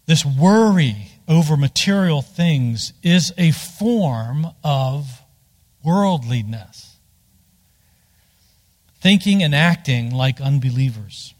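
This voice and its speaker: Man, pastor, sermon, slightly high voice, chatty digressions, long hall reverb. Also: darkish tone. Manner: conversational, digressive, stresses words by rising in pitch.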